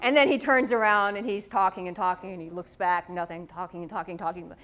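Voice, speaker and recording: A woman's voice: fairly low pitch, fairly even intonation, brisk, a bit bright. A woman professor giving a classroom lecture to students, firm and direct, checking in with "okay?" often. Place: lecture room. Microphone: microphone, tethered.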